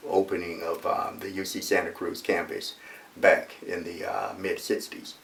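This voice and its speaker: A man in his sixties gives a personal storytelling speech as a motivational speaker, animated and emphatic, with repeated phrases for effect. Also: fairly low pitch. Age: 60s. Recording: roomy echo, mic far off.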